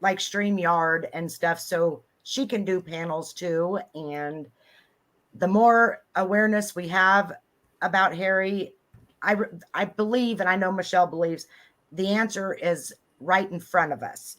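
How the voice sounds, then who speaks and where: Low-voiced chatty woman guest. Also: a little slow. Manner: chatty, laughs along, speeds up when excited. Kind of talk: casual chat.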